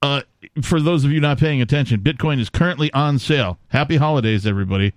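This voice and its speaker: A man's voice: mid-range voice, fast, no room sound. A man hosting a talk radio show, bantering in a jokey, laid-back way. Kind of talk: casual talk radio chat. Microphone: studio microphone.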